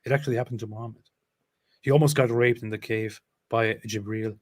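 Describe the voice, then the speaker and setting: Deadpan male co-host reading chat aloud, mid-range voice, dry and close sound. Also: medium pitch, fairly quick, no echo. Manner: reads chat comments aloud with deadpan sarcasm. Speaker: livestream co-host reading viewer comments. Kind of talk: casual live chat.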